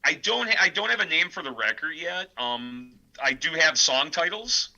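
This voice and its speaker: Animated Midwest metal guitarist, bright voice. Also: male voice, a little high, normal speed, creaky, rough recording. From Midwest United States. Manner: animated, rambling, many filler words. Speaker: death metal vocalist and guitarist, guest. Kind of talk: casual storytelling interview.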